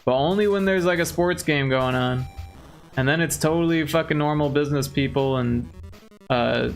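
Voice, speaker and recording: A man's voice: on the high side, moderate pace, creaky, faint music behind. A man from the Chicago area hosting a livestream, chatting loosely and joking with plenty of swearing. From Chicago area, USA. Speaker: livestream host. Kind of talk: casual stream chat.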